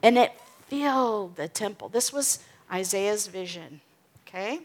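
A woman's voice: mid-range voice, animated, a little slow. A woman teaching from the Bible in a casual way, often checking in with "okay?" and "right?". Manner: reads scripture aloud with emphasis, then explains casually with "okay?" and "right?".

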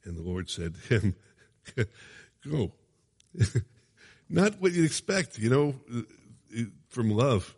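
A man's voice: medium pitch, sing-song, takes it slowly, long pauses, darkish tone, breathy edge, big-room sound. A man preaching a sermon, reading scripture dramatically and adding conversational asides with chuckles.

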